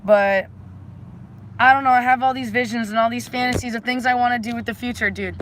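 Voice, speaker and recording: A woman's voice: on the high side, fairly even intonation, fairly quick, noisy background. A woman chatting casually to livestream viewers, rambling and effusive, repeating affectionate phrases and slipping into spiritual pep talk. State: emotional, close to tears. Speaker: livestreamer offering readings.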